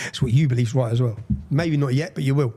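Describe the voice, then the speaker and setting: A man's voice: mid-range voice, dark tone, husky. Defiant Englishman in a TV interview. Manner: defiant, emphatic, repeats phrases for weight.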